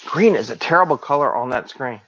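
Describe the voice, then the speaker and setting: A man's voice: medium pitch, lively intonation, brisk, a bit bright, dull audio. A man hosting a live solo video talk as an agile coach, talking in an upbeat, conversational way and asking his viewers rhetorical questions.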